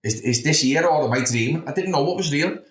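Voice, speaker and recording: A man's voice: fairly high pitch, lively intonation, quick pace, over a noisy crowd. Man, Liverpool accent, thirties, candid storytelling, roomy echo. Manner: blunt and sweary, with frequent "do you know what I mean". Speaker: podcast guest.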